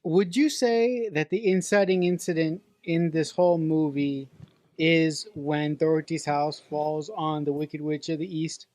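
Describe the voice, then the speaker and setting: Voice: mid-range voice, fairly even intonation, unhurried, a little mellow, no room sound. A podcast co-host discussing a film in casual chat, thoughtful, often restarting sentences and laughing now and then. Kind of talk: casual movie-review chat.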